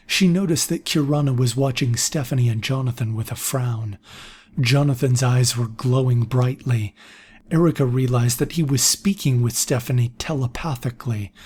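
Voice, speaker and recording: Guy reading a novel out loud, kinda husky breathy voice, plain steady pace. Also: medium pitch. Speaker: audiobook narrator.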